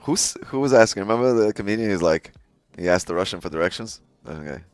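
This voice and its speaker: A man's voice: on the low side, expressive, fast, no room sound. A man hosting a live day-trading stream, chatting casually with his viewers, laughing often and swearing freely. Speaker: day-trading livestream host.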